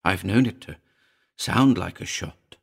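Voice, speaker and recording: A man's voice: low-pitched, a little slow, gravelly, breathy edge, heavily acted. A man voicing a nervous middle-aged housekeeper who speaks jerkily and reluctantly in a ghost story reading. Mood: fearful. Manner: jerky, uneasy, pleading.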